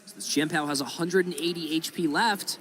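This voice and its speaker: A man's voice: fairly high pitch, steady tone, fairly quick, a bit bright, slight background noise. Man calling a card game match. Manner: analytical, explains plays at length. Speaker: commentator. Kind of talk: live card game commentary.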